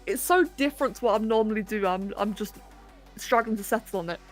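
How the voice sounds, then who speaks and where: A woman's voice: medium pitch, brisk. Chatty woman hosting a stream. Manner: chatty, self-mocking, thinks aloud. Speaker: livestream host. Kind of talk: casual chat while sculpting live. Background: faint electronic music.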